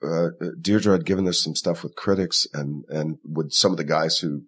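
A man, an actor, talking through his work in a relaxed interview, thoughtful and rambling with many fillers. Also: very deep voice, normal speed, husky. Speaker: actor in the play. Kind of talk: conversational interview.

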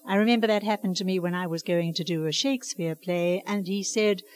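A woman's voice: fairly low pitch, a little fast, slight background noise. Earnest older woman dialect coach. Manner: earnest, emphatic, passionate about her craft. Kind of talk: conversational interview.

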